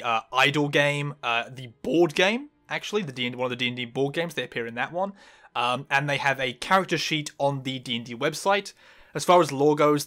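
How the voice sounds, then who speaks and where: A man's voice: medium pitch, a bit bright. A man guesting on a casual recorded discussion, talking with rambling enthusiasm and saying "like" often.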